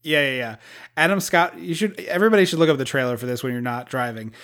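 A podcast co-host in casual movie-recap chat, telling stories in a quick, animated way with plenty of asides. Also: mid-range voice.

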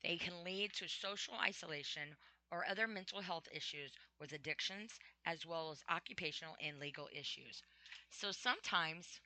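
A woman's voice: on the low side, moderate pace, sharp tone, no room sound. A middle-aged woman talking about her life in a casual personal monologue, chatty and full of ums and laughs. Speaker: vlogger.

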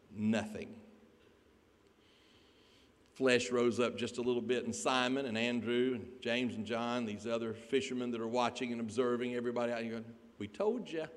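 A man preaching a sermon, telling a Bible story in an animated way and putting questions to the congregation. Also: mid-range voice. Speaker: pastor. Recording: echoey hall.

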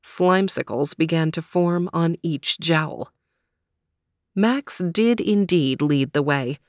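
Woman reading a kids' story, low voice, steady, dry close sound. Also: takes it slowly, no echo. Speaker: narrator.

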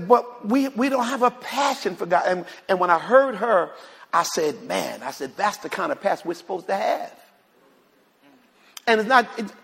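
Preaching in a church, a man tells the congregation about a conversation, repeating words as he goes. His voice sits high and is creaky and slightly rough, heard with a big-room sound.

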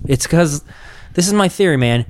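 A man in casual chat, telling stories in an animated, profane way. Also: a little high, moderate pace, no echo.

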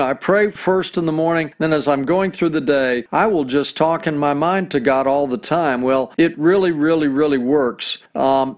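Earnest male pastor preaching. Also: fairly high pitch. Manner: earnest, reads scripture slowly. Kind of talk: sermon.

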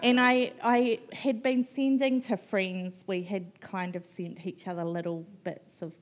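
A woman, an author telling her story on stage at a book festival, frank and animated, swearing casually and laughing often. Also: medium pitch, a little slow. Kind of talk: candid conversational storytelling.

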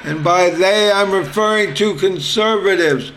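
A man with a high-pitched voice talks as a podcast host. He speaks casually and plainly, in a blunt and opinionated way, like someone thinking out loud to his listeners. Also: a little slow, slight background noise, rough recording. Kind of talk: casual political commentary.

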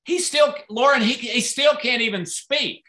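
A man hosting a sales event, telling an animated story and acting out the dialogue with jumps in his voice. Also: extremely high pitch, a little slow. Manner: excitable, acts out dialogue in raised voices. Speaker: host presenting products. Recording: echoey room.

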